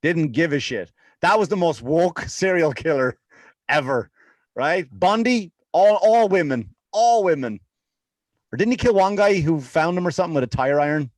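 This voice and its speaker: A man's voice: a little high, animated, moderate pace, dry recording. A man with an Irish accent, rambling through comic stories on a casual podcast and laughing at his own jokes. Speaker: podcast co-host. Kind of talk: casual comedic chat.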